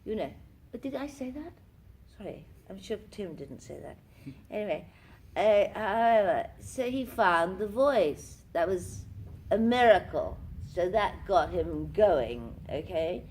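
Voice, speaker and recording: A woman with a fairly low, darkish voice, an older actress appearing as a convention guest, recounts theatrical anecdotes and dramatizes each quote. A faint hiss or hum sits under the recording.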